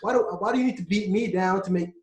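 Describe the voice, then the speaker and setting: West indian-born man, high voice, indignant, echoey room. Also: fast, a little hiss or hum. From West Indies. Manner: indignant, argumentative. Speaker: podcast co-host. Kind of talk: casual podcast discussion. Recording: roomy echo.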